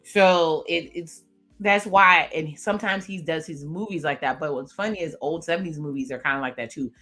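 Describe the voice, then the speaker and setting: A woman hosting a reaction video, recapping a TV episode in a chatty, expressive way and reading character lines aloud. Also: deep voice, normal speed, soft background music. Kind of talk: casual commentary recapping a TV episode.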